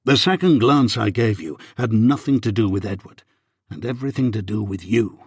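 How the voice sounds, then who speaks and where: A man voicing an earnest, remorseful young Regency husband in an audiobook, with a husky, pleading delivery. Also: lowish voice, moderate pace, no room sound, clean studio sound. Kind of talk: audiobook reading.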